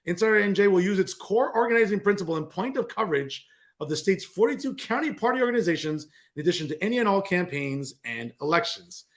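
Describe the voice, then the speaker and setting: A man's voice: sits high, quick pace. A man with a New Jersey accent hosting a political talk show, commenting with sarcasm and scoffing disbelief. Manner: sarcastic, scoffing, animated rants.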